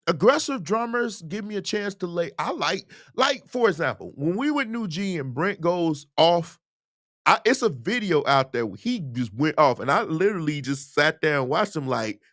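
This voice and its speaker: A man who is a musician hosts a casual Q&A livestream, speaking animatedly and emphatically about music and dating, with preachy asides. His voice is on the high side at a moderate pace, recorded in clean studio sound with no echo.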